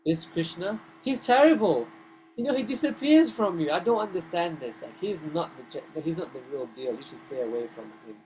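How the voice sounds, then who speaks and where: A man voicing a disguised demigoddess, telling a story in a class, with a slightly raised pitch. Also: brisk, few pauses, darkish tone, slight background noise, close to an everyday voice, low-quality recording. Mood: scornful. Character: disguised demigoddess, sad then scornful, a woman.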